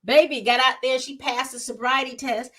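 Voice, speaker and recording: A TV recap vlogger with a high voice talks at a normal speed, casually retelling an episode. Her storytelling is animated, and she acts out the characters' lines as she goes.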